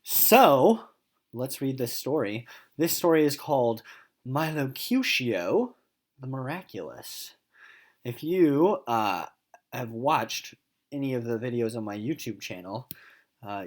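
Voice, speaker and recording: Lively male teacher giving a lesson. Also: medium pitch. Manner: animated, reads story passages aloud with voices. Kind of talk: recorded video lesson.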